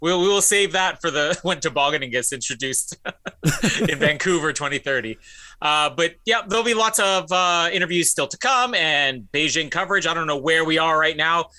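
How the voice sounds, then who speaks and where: A man's voice: a little high, animated, normal speed, pushed and bright. A man hosting a podcast, upbeat and teasing, often laughing in casual chat. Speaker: podcast host.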